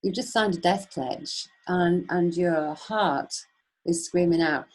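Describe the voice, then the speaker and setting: Woman webinar speaker, low husky voice, rambling and emphatic, rhetorical questions. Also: takes it slowly, a little mellow, rough recording. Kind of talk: impassioned off-the-cuff talk.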